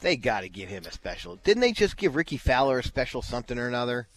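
A man's voice: mid-range voice, big pitch swings, fast talker, no room sound, faint music behind. A man co-hosting a casual talk show, telling a story with frequent restarts and fillers. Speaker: co-host. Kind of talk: casual golf chat.

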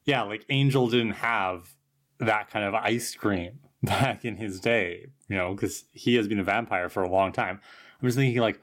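A podcast co-host, relaxed and musing, thinking aloud in casual chat. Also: male voice, fairly low pitch, moderate pace.

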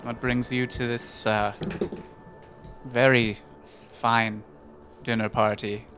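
A man's voice: medium pitch, little pitch movement, takes it slowly, a bit bright, slight background noise. A man playing a character in a tabletop game, asking dry, probing questions with some hesitation. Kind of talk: tabletop role-play.

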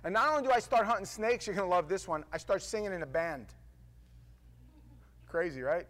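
Fast-talking New man telling stories. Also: sits high. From New York. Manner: animated storytelling with stammered restarts. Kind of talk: casual monologue to camera.

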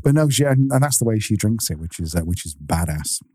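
Animated husky man with a mellow voice. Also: lowish voice, a little fast, no room sound, studio quality. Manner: animated, jokey storyteller. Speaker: podcast co-host. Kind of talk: casual chat.

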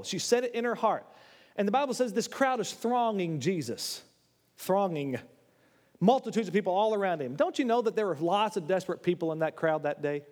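A man preaching a sermon in a church, animated, swinging between loud, high exclamations and low, quiet asides. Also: normal speed, long pauses. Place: church sanctuary. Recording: long hall reverb.

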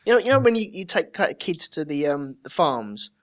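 Lively, chatty man hosting a podcast. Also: on the high side, normal speed, dry recording. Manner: chatty, giggly, reads news stories aloud. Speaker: podcast host. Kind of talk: casual podcast chat.

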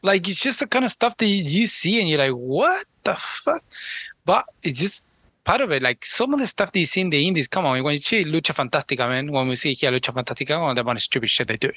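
Man, podcast co-host, bright and forceful tone, dry close sound, animated loose talk. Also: on the high side, quick pace, no room sound. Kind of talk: casual chat, wrestling review.

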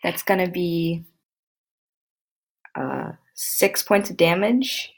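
A woman playing in a tabletop game, calm and matter-of-fact about her rolls. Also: on the low side, very slow, gravelly, noisy background. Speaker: player. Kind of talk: casual chat, tabletop game.

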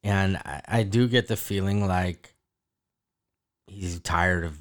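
A man hosting a casual podcast, steering the talk in a measured way. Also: low voice. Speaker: podcast host. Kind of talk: casual chat.

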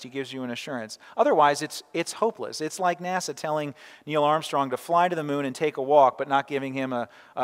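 A man preaching a sermon in a church sanctuary, his voice sitting a touch high for a man. He talks in an easy, conversational way, throwing in rhetorical questions and asides. A long reverb trails each phrase. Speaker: pastor.

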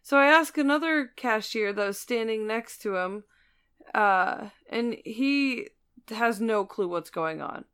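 A woman in her thirties tells a story in an easy, casual chat and keeps breaking into laughter. Her voice is smooth and clear, a bit high, and she takes her time. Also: lively intonation, slow pace, a bit bright. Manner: laughs through her own stories. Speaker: storyteller and co-host.

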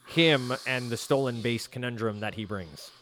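A man's voice: mid-range voice, normal speed, a bit bright. A man with a New Jersey accent hosting a podcast, asking questions in a friendly, casual way. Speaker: podcast host.

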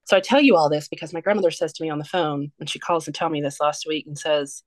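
A woman's voice: sits low, fast, hardly any pauses, dry recording. A woman guest on a podcast, telling a personal story in a candid, earnest way. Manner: candid, earnest, steady through a heavy story.

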